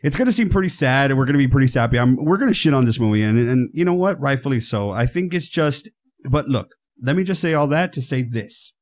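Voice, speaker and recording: A man in his thirties talks through an old horror movie with a friend on a podcast. He is enthusiastic and self-mocking, swears freely, and his mid-range voice leaps up in pitch when he gets excited. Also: quick pace. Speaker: podcast co-host. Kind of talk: casual movie review chat.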